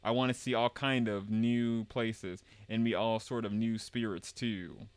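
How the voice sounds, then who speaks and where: Brief: eager girl adventurer from a game read by a man, Southern drawl, slow, dry and close. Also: fairly low pitch, steady tone, smooth, no room sound, lightly acted. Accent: Southern US put-on.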